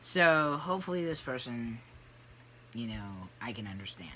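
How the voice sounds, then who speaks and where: Vlogger, 30s or older, casual confessional delivery, loose and animated, bright tone. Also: medium pitch, normal speed, slight background noise. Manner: rambling, candid, animated with frequent fillers. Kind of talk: casual personal vlog.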